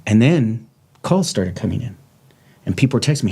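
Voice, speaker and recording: A man's voice: on the low side, sing-song, a little fast, dark tone, breathy edge. A middle-aged man and former lawman hosting a podcast, speaking in a raw, blunt, heartfelt way. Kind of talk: candid podcast conversation.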